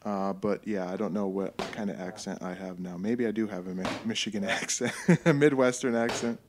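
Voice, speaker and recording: A man's voice: fairly low pitch, fairly even intonation, moderate pace, noisy background. A man from California giving casual, rambling commentary while watching fight footage, often laughing at his own jokes.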